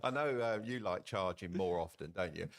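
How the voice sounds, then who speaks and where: A man's voice: low voice, moderate pace. A man co-hosting a podcast, asking questions in an easygoing, teasing way and laughing readily. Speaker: podcast co-host, interviewer. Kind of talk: podcast interview.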